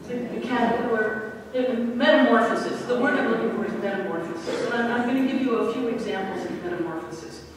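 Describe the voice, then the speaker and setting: A woman pastor giving a sermon, expressive, moving between quiet passages and loud emphasis. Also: fairly high pitch, brisk, noisy background. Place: church sanctuary. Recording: echoey church hall from far off.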